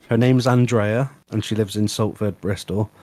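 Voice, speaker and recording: A man's voice: lowish voice, fairly even intonation, unhurried, a little mellow, no echo. A man giving practical business advice in a casual live stream chat, with chatty fillers. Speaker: guest and fellow tradesman.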